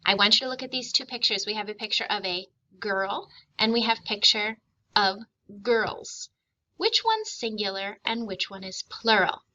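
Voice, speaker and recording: A woman teacher giving a recorded spelling and grammar lesson, reading words and sentences slowly and clearly, patient and encouraging. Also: medium pitch, animated, pushed and bright, muffled recording. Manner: slow, clearly enunciated dictation, patient and encouraging.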